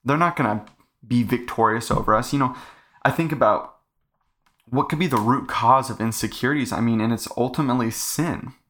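A man's voice: mid-range voice, fairly quick, fairly bright tone. A young man hosting a casual faith podcast, talking earnestly in a rambling way full of fillers. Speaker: podcast host.

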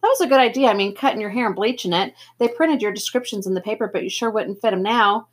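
A woman's voice: medium pitch, fast, slightly rough, lightly acted. A woman voicing a tough, cocky teenage boy in a gang, blunt and slangy, in a storybook reading. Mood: offhand.

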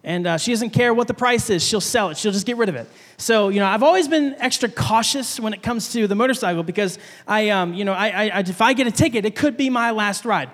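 A young adult pastor tells his congregation a personal story in a chatty, animated sermon, slipping into a fretful voice to act out his panicked thoughts. His voice is very high for a man and rings with the long reverb of a church sanctuary. He talks quickly with hardly any pauses.

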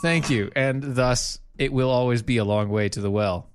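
A man's voice: medium pitch, moderate pace, slight background noise. A man co-hosting a podcast in casual chat, long-winded and playful. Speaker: podcast co-host.

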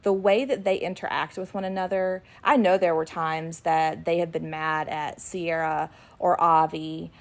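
A middle-aged woman co-hosting a podcast, chatting and telling lively family stories about her kids in an animated way. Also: sits low, unhurried. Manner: animated, acts out her kids' voices when retelling. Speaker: podcast co-host and ministry worker. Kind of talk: casual chat with storytelling.

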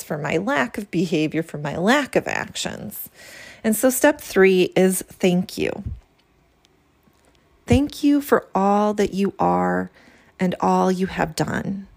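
A woman's voice: mid-range voice, creaky, darkish tone. A woman hosting a spiritual podcast, speaking in an earnest, reflective way as she reads a healing prayer from her journal. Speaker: podcast host.

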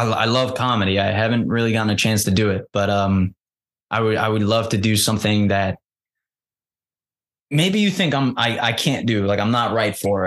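A man being interviewed as an actor, chatting casually in an animated, self-deprecating way, with frequent laughs and restarts. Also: fairly low pitch. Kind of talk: casual chat.

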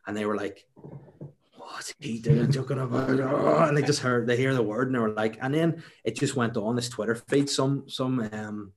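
A man's voice: medium pitch, brisk, hardly any pauses. A young man with a Northern Irish accent, a stand-up comedian chatting casually in an interview, rambling with many restarts. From Northern Ireland.

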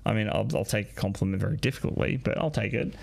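A man's voice: fairly low pitch, quick pace, gravelly, a little mellow. A young man hosting a solo podcast, answering listener questions in a rambling, casual way and swearing often. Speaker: podcast host.

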